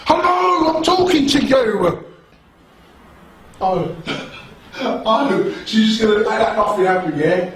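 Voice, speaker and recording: A man's voice: sits high, lively intonation, slow, heavily acted. A man playing a touchy contestant obsessed with his trophy, badgering and repeating himself. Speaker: contestant in a mock dinner-party show. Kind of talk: improvised mockumentary acting. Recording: echoey room with loud music.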